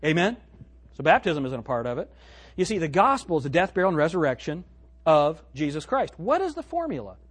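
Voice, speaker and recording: A man preaching a sermon as pastor, reading scripture aloud and swinging between loud and hushed delivery. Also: a little high, expressive, fairly quick. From United States. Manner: quotes scripture in old-fashioned wording.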